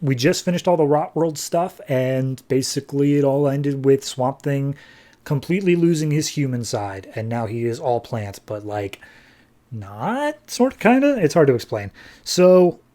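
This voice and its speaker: A man's voice: medium pitch, lively intonation, measured pace, warm tone. A man hosting a podcast, reviewing comics in a casual, rambling way.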